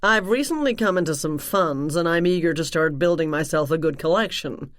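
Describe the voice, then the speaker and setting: A woman's voice: low voice, brisk, no room sound, clean studio sound, close to an everyday voice. A woman narrator voicing a man posing as a wealthy art buyer, in a confident, evasive manner. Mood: breezy.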